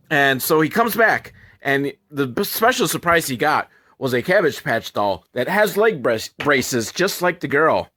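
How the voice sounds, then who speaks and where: A man recapping an old film with sarcastic, profane humor. His voice sits somewhat high and swings widely in pitch as he riffs. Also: very animated, unhurried, hardly any pauses, pushed and bright. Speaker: movie reviewer. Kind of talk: comedic movie recap commentary.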